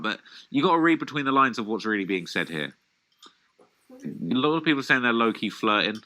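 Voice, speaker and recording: Hosting a live hip-hop news reaction stream, a man with a medium-pitched voice reads posts aloud and comments in an animated, slangy way, talking a little fast.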